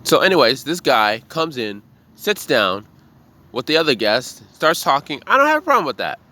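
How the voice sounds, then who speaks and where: A man who works as a bartender, giving a blunt, profane, animated monologue about trusting your gut. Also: mid-range voice, moderate pace. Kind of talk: casual motivational monologue.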